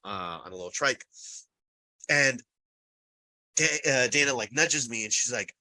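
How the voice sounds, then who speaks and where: Bright-voiced man telling a rambling story. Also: medium pitch, expressive, measured pace, dry recording, low-quality recording. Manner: rambling storyteller, swears casually, laughs often. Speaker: podcast co-host. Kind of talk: casual chat.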